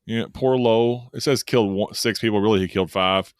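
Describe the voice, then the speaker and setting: A man's voice: on the low side, a little fast, smooth, no echo, clean studio sound. A man co-hosting a podcast, rambling through a casual recap with amused laughs. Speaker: podcast co-host. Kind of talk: casual chat recapping a horror film.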